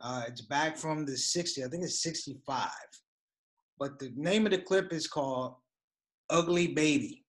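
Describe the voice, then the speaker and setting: A man's voice: a little high, moderate pace. A middle-aged man teaching a comedy writing workshop in a conversational, engaging way. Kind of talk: workshop talk.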